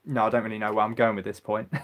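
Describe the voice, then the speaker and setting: A man's voice: fairly low pitch, level tone, fast talker. A young man from England hosting a livestream, chatting casually and answering viewer comments in a rambling, hesitant way with many ums. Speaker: livestream host.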